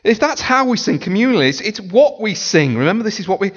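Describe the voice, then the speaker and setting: A man preaching a sermon as a pastor, animated and playful, often mimicking voices and singing snippets. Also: high voice, fast, slightly rough. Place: church sanctuary. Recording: dull lo-fi sound in a large reverberant church hall.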